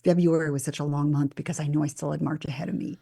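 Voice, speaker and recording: Low-voiced woman telling lively stories. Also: quick pace, vocal fry. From Minnesota, USA. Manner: animated storyteller who acts out quotes. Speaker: guest, former TV meteorologist. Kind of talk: casual interview conversation.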